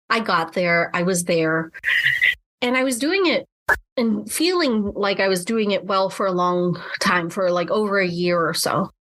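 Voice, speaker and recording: A woman's voice: fairly low pitch, fairly bright tone. A woman co-hosting a podcast as a mental health clinician, talking through experiences reflectively with many restarts. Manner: reflective, with frequent restarts and fillers. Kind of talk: casual podcast chat.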